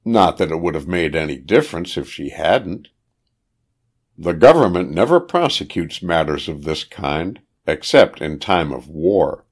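A man reading a spy story aloud in a measured, dramatic way. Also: sits low, big pitch swings, slightly rough. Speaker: narrator.

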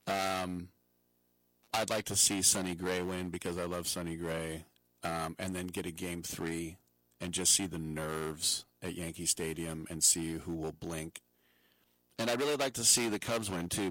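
A man's voice: low-pitched, fairly bright tone, dry recording, rough recording. A man hosting a sports radio show, talking baseball in an opinionated, jokey way and laughing at his own puns.

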